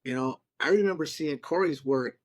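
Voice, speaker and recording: A man who works as a tattoo artist, telling animated, profane stories in a casual conversation over a remote call. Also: fairly high pitch, normal speed, no echo. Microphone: remote call mic.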